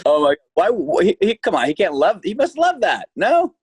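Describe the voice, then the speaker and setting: A man's voice: sits high, huge pitch swings, normal speed, slightly rough, dry recording. A man who is an actor, a guest on a podcast, chatting casually and tossing off wry asides. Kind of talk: casual chat.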